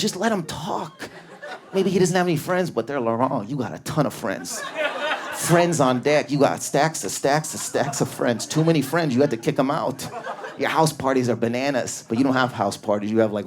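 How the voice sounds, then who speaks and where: A man doing a stand-up comedy set in a club, riffing on an audience member with raging, neurotic energy and lots of swearing, on a stage mic. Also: crowd noise. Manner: high energy, profane, neurotic, rapid riffs. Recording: live club audience laughter.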